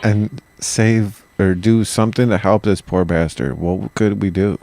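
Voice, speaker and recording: A man co-hosting a podcast in casual comedic chat, jokey and quick to drop into silly voices. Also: on the low side, steady tone, gravelly, mellow, no echo, faint music behind. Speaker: podcast co-host.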